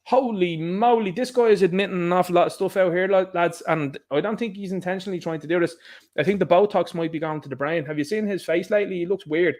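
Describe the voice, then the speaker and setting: Animated Irish man with a raised pitch. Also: fast. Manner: animated, sarcastic, laughs at his own jokes. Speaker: political commentator. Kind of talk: casual political monologue.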